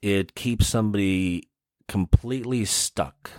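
A man with a Midwestern American accent talks through therapy concepts in a relaxed, conversational podcast monologue. His voice sits low, and the recording is dry and close, with no room sound. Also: a little slow, no echo. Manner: conversational, explains with everyday examples. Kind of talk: casual explanatory monologue.

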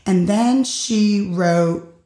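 A woman's voice: medium pitch, drawn-out words, dark tone, echoey room. A woman hosting her own show, musing thoughtfully and a little hesitantly in a casual monologue. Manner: thoughtful, hesitant, with many fillers and restarts. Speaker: podcast host.

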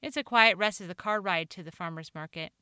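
A woman author reading her own personal story aloud, earnest and expressive. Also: lowish voice, a little fast, clear, resonant tone, no room sound, studio quality. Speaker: author and show host.

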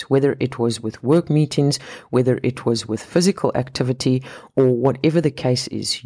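A man's voice: mid-range voice, darkish tone. A man hosting a solo podcast on fat loss, talking in a chatty way and often rephrasing and repeating his points.

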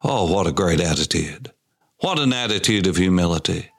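A man teaching the Bible in a sermon style on his daily program, animated and swinging his pitch widely for emphasis. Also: normal speed.

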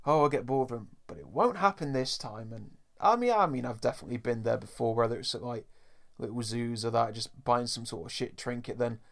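Podcast co-host, mid-pitched, chatty recapper who slips into impressions. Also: male voice, expressive, creaky. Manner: chatty recapper, drops into quick character impressions. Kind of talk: casual podcast chat.

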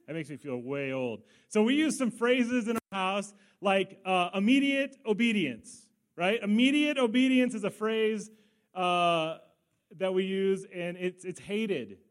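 Middle-aged male pastor with a fairly high voice, mid-sermon, animated storyteller with quick asides.

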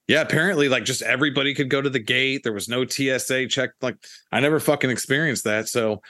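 Bright, dry-voiced man chatting bluntly. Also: medium pitch, dry recording. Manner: blunt, profane, easygoing. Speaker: podcast co-host. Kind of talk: casual chat.

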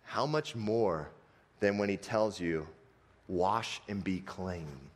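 A man voicing a wise, brave male servant who pleads gently, speaking softly, low and earnest. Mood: gentle plea. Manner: soft, low and earnest, slowing on key words.

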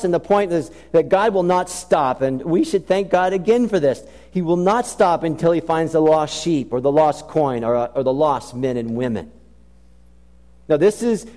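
Man preaching in an echoing hall. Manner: emphatic preaching, rising loud then dropping low and slow. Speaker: pastor. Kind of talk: sermon. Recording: long reverb of a large hall.

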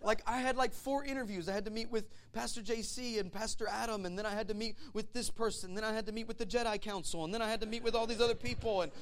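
A male pastor preaching a sermon, animated and conversational, asking the audience questions and acting out stories. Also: high voice, quick pace, few pauses. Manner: animated storytelling with acted voices and laughs.

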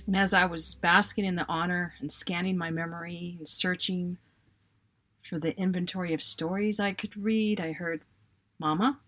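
A woman, a writer, reading aloud her own funny personal story in an expressive, self-mocking way. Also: lowish voice, normal speed, soft background music.

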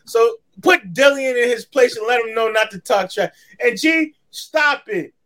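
A man's voice: very high-pitched, expressive, normal speed, fairly bright tone. A man co-hosting a live sports talk show, hyped and goofy, firing up a fighter. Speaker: co-host. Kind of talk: casual live-show chat.

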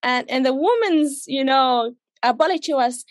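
A woman's voice: high-pitched, animated, normal speed, dry recording. A young woman, an interview guest, telling a personal story in conversation, emotional and acting out what people said to her. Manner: emotional, retells with quoted dialogue.

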